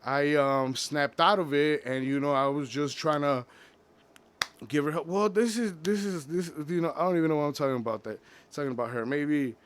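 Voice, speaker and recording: A young man talking about his past in a personal confessional vlog, halting and full of restarts. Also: a little high, noisy background. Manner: halting, many restarts and fillers. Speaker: vlogger.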